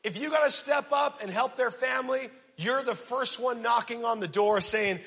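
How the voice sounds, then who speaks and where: A young man preaching a casual, energetic sermon, using slang and quizzing his audience. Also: extremely high pitch, moderate pace, vocal fry, few pauses. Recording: long reverb of a large hall.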